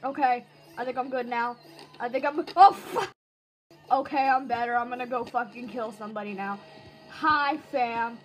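A woman's voice: a little high, moderate pace, pitched below the performer's own voice, close to an everyday voice, low-quality recording. A woman voicing a foul-mouthed, murderous robot in a comic voice-over dub, humming tunelessly and swearing constantly. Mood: cursing, then grumbling.

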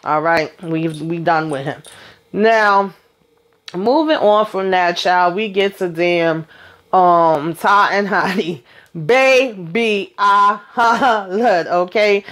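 A woman hosting a casual reality TV recap, telling the story in a sassy, animated way with exasperated asides. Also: fairly low pitch, slow pace.

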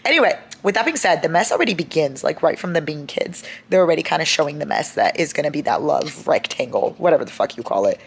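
A woman's voice: sits low, lively intonation, fast talker, gravelly, few pauses, breathy edge. A young woman vlogging about her reading in a casual, chatty way, gushing and dramatic as she talks straight to her viewers. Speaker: book vlogger.

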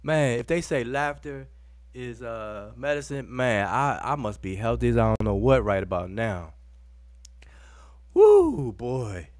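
A man hosts a live video show, chatting casually with his viewers, calling them "y'all," and breaking into fits of laughter. His voice is mid-range and his speed normal, recorded dry. It's informal live-stream commentary.

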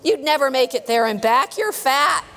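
A woman's voice: sits high, expressive, normal speed, a bit bright, a little hiss or hum. A woman voicing a teasing, wise male albatross in a storybook, speaking in singsong verse. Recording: long church reverb.

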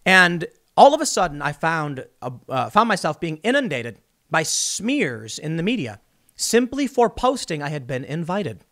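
A man delivers casual political commentary for his vlog, sarcastic and animated. His voice sits high for a man and swings widely in pitch as he rants. He uses plenty of offhand filler. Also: normal speed. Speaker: host.

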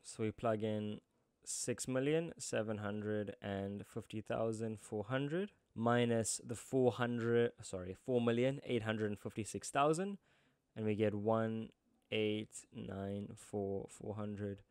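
A man's voice: fairly low pitch, steady tone, slow, darkish tone, clean tone, no room sound, studio quality. A man teaching accounting in a tutorial, chatty, with joking asides. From South Africa. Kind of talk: screen-recorded tutorial.

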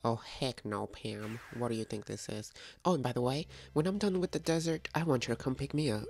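A woman's voice: extremely low pitch, fairly quick, vocal fry, a little mellow, soft background music. A woman hosting a casual let's-play video, chatty and playful, talking to the game's characters and to her viewers. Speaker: gaming video host.

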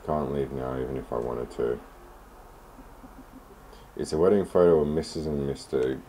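A man's voice: very deep voice, fairly even intonation, normal speed, mellow, a little hiss or hum. A man giving casual, sarcastic commentary on a game he is playing, swearing often. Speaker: gamer.

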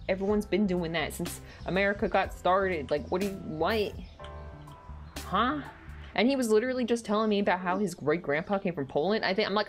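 A woman streamer chatting casually at home while gaming, rambling with lots of "like" and getting heated when something annoys her. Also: mid-range voice. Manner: rambling, heavy use of "like".

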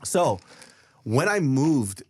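A man co-hosting a podcast, telling a profane anecdote in an animated, casual way. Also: medium pitch, drawn-out words, husky, dry recording. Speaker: podcast co-host. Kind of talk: casual storytelling chat.

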